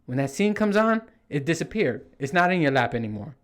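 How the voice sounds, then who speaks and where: Middle-aged male host, casual rambling monologue, swears a lot, jumps into high panicked quotes. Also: fairly quick. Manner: animated, swears freely, acts out panicked quotes in a higher voice. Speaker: podcast host.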